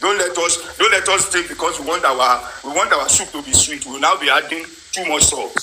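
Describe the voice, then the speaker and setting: A man's voice: a little high, a little fast, crowd noise. A man in a heated online group discussion, insistent, repeating himself and talking over others. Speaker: live-stream participant. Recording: noisy online call audio.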